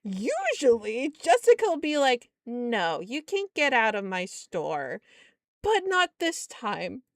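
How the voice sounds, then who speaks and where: A young woman streamer telling a story in casual chat, animated and exasperated, laughing often. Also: on the high side, takes it slowly, dry recording, studio quality.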